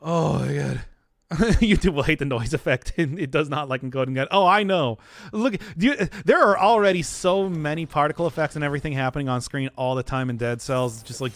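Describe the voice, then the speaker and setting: Giggly high-voiced male streamer. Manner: giggly, self-deprecating banter with chat. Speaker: game streamer. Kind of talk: casual gaming commentary.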